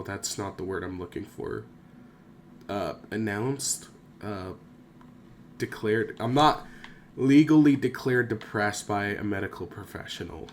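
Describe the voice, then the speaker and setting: A young man with a lowish voice rambles through a casual vlog monologue, dropping frequent swears and self-deprecating asides. A faint hum of room ambience sits underneath. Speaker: YouTuber.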